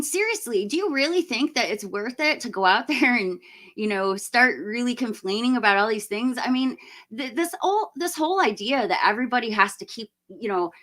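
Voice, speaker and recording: A woman's voice: a little high, fairly bright tone. A woman in her forties hosting a live stream, giving blunt, opinionated movie talk and breaking into laughing rants. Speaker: livestream host. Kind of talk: casual live movie review chat.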